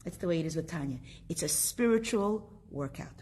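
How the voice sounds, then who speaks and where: A middle-aged woman from Canada teaching a casual group class, lively and chatty, often putting questions to her students. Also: fairly low pitch, fairly quick, husky.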